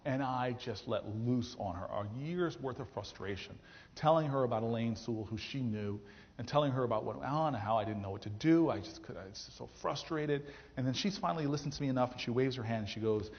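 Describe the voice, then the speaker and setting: A man in his thirties, a mayor, telling a story to an audience in a speech, animated and acting out the people he quotes, with frequent restarts. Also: mid-range voice, fast talker. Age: 30s. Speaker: mayor giving a campus speech. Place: large theatre hall. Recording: dull, roomy auditorium recording.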